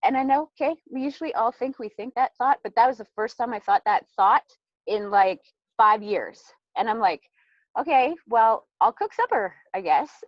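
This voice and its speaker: A woman's voice: a little high, moderate pace, no room sound, muffled recording. A mother in her thirties giving a casual personal testimony, chatty and full of "like", acting out her own past thoughts as she talks.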